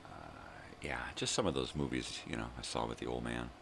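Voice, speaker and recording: Very deep gravelly older man. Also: lively intonation, noisy background. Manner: profane, ranting, drawn-out fillers. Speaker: vlog host. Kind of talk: rambling morning monologue.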